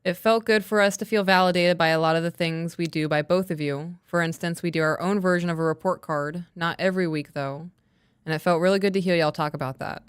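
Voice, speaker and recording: A woman's voice: fairly low pitch, steady tone, fairly quick, clear, resonant tone, dry recording, studio quality. A woman co-hosting a podcast, chatting casually and reading listener emails aloud in a playful, talkative way. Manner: chatty, playful, laughs easily. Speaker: podcast co-host.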